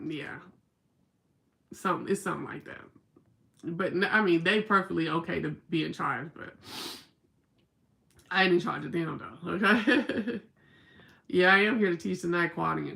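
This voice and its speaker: Woman, Southern accent, livestream host, casual chat, reads comments aloud, bright tone. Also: lowish voice, vocal fry. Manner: chatty, reads viewer comments aloud, storytelling.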